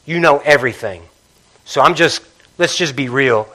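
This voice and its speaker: Bright, impassioned male preacher. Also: mid-range voice, normal speed. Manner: impassioned preaching, swinging between loud emphasis and hushed intimacy. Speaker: pastor. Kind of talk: sermon. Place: church.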